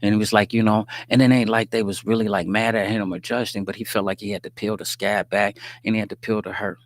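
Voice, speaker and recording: A man with a lowish voice hosts a livestream and talks faith in an easy, conversational way. He mixes street slang with sermon-like points and keeps checking that his listeners are following. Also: level tone, quick pace. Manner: conversational and preachy, often asks "you dig what I'm saying"; streetwise slang, joking asides with laughter. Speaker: livestream host. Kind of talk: casual faith-based livestream talk. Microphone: livestream microphone.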